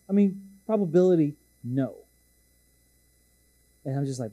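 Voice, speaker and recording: A man's voice: a little high, lively intonation, unhurried, long pauses, mellow, no room sound. A man preaching a sermon, telling a story in a casual, joking, self-deprecating way. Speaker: pastor.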